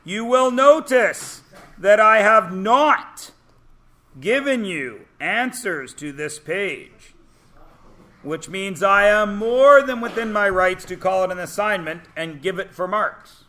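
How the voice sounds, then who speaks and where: High-voiced teasing male math teacher. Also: animated, sharp tone. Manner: brisk and teasing, full of rhetorical questions. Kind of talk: classroom lecture. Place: classroom.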